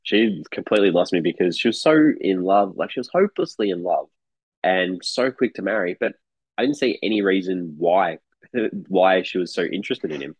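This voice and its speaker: A man co-hosting a casual film podcast, relaxed and chuckling as he talks it through. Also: low voice, moderate pace, husky, no echo, poor audio. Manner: relaxed, laughs often, many fillers. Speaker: podcast co-host.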